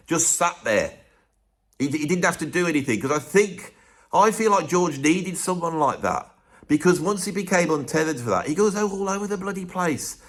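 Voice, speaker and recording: A man's voice: fairly high pitch, fairly bright tone. A man hosting a ranked music commentary, chatty and opinionated with joking asides. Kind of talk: casual ranked commentary monologue.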